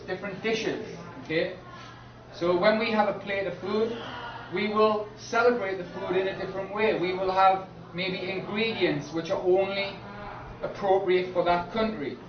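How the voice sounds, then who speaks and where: A male teacher lecturing a class in a slow, emphatic way, often checking in with "okay?". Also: sits high. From Britain. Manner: repeats "okay?" to check understanding, slow emphatic key words. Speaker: English teacher. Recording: echoey classroom from far off, dull and lo-fi.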